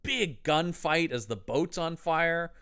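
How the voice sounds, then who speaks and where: Lively, enthusiastic man gushing about movies. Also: fairly high pitch, slow, clear, resonant tone. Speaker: podcast co-host. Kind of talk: casual film-discussion podcast chat.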